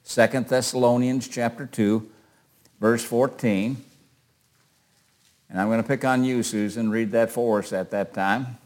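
A man's voice: mid-range voice, steady tone, unhurried, long pauses, darkish tone. An older man teaching a Bible class in a conversational way, asking questions and calling on readers.

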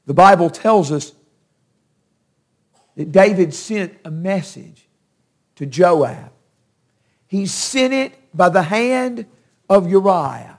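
A preacher with a very high-pitched voice delivers a sermon, retelling a scripture story. He speaks slowly and deliberately, leaning hard on key words for emphasis. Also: lively intonation.

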